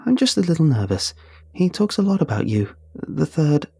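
A man's voice: a little high, very animated, normal speed, mellow, husky, no room sound, clean studio sound, voice pushed up, exaggerated voice. A man voicing a giggly, coy, unhinged young woman in a horror story. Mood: giddy. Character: giggly, unsettling young woman with broken body.

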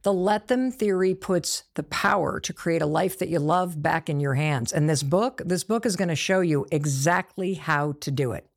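A woman's voice: fairly low pitch, normal speed, few pauses. Emotional, emphatic woman announcing news. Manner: excited, breathy sighs, emphatic repetition. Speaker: author announcing her book. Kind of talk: emotional direct-to-camera announcement.

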